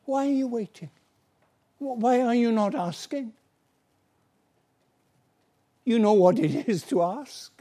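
A man's voice: very high-pitched, normal speed, mellow. A male preacher giving an earnest, pleading evangelistic sermon, acting out little everyday dialogues.

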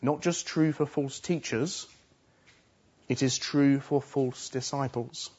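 A man's voice: medium pitch, slow pace, a little mellow, breathy edge, lo-fi sound. A man preaching a sermon earnestly, pressing his points home with emphatic repetition. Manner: earnest, emphatic, repeats phrases for stress.

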